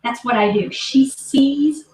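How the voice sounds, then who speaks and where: A woman's voice: sits high, slow pace, darkish tone. A woman in her thirties telling a personal story to camera, emphatic and emotional, often checking in with her listeners. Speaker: vlogger and business team leader. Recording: roomy echo, distant mic, faint hiss.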